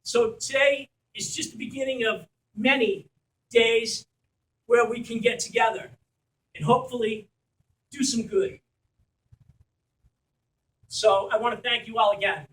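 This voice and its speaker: High-voiced man giving an impassioned speech. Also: unhurried, long pauses, a bit bright. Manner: passionate, blunt, swears when fired up. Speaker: community event organizer. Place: community gathering at a school. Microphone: distant from the mic. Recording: echoey room, recorded from far off.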